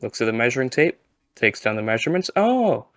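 A man's voice: mid-range voice, fast, dry recording. Playful man telling a long joke. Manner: playful storyteller, shouting the quoted lines. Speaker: co-host. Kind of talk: casual gaming chat, telling a joke.

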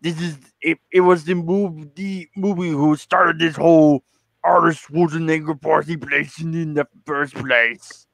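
A man in casual group chat who talks haltingly, with many restarts. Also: a little high, steady tone, gravelly, fairly bright tone, dry recording.

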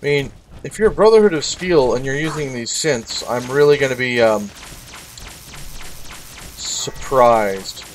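A man's voice: mid-range voice, a little slow, pauses often, slight background noise. A man hosting a let's-play, chatting with wry asides and answering the game characters. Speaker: gaming video host. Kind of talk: casual let's-play commentary.

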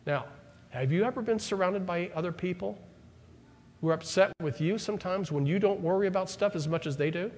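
A male pastor preaching a sermon to his church, animated, acting out the words of the people in his story. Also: sits high, brisk. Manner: animated preaching, acts out Bible figures' words. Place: church sanctuary. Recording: church hall reverb.

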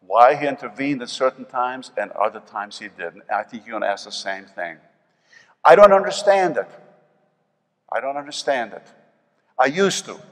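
An older man with a New York accent preaching a sermon as pastor, swinging between loud emphasis and soft asides. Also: medium pitch. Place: church sanctuary. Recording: long reverb of a church hall.

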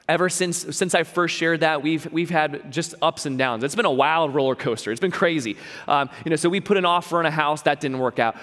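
A man's voice: a little high, fairly bright tone, long reverb tail. A young man giving a sermon as a pastor, telling a personal story in a conversational way with lots of repeats and fillers. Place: church hall.

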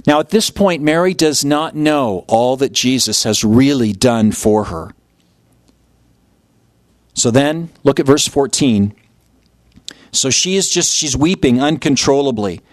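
A man's voice: medium pitch, lively intonation, unhurried, pauses often, dry recording, clean studio sound. A man preaching a sermon as pastor, telling the story vividly and acting out the voices of its people. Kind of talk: expository sermon.

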